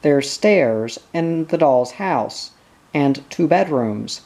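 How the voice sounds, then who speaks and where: A slow-paced reader voicing Homily, a small, anxious mother who moans and speaks in a husky, fretful way in an audiobook. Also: medium pitch, animated, a little mellow. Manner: husky, moaning. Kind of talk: audiobook character reading.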